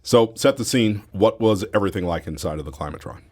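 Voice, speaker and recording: A male radio host with a somewhat low voice opens the segment and guides his guest. He asks his questions in a measured, friendly way. He sounds at home in a studio. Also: lively intonation, a little mellow. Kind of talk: scripted intro and interview questions.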